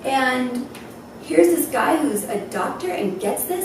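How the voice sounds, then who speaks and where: A woman shares her story at a gathering, her voice a touch high and heard from a distance. The room is very echoey, with clear noise underneath. She gets emotional and laughs through tears as she talks. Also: animated, moderate pace. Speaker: speaker at a health event. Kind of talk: personal testimony talk. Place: event hall.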